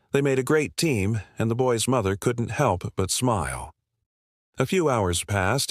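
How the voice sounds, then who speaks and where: A man reading a scripted story as narrator, in a steady, even storytelling delivery. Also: on the low side, no echo, clean studio sound.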